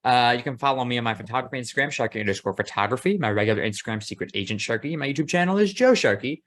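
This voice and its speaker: A man hosting a casual podcast, talking in a relaxed, easygoing way and swearing casually. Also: mid-range voice, racing. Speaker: podcast host. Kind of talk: casual chat.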